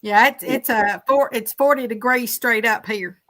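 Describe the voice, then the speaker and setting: A woman chatting casually as a guest on a live stream, greeting viewers warmly by name. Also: on the high side, a little slow. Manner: friendly, greets viewers as Mister and Miss.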